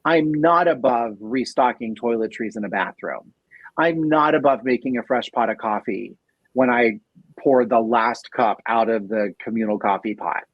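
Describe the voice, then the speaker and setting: A man's voice: medium pitch, moderate pace, husky, dry recording. A man speaking as a podcast guest in casual conversation, thoughtful, with many fillers and restarts, on a dull lo-fi recording. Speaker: podcast guest, nonprofit operations director.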